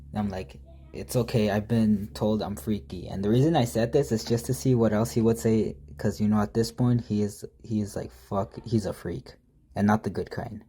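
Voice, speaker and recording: A man's voice: fairly low pitch, warm tone, husky. A man casually telling a prank story, reading out text messages with profane, mocking, exasperated commentary.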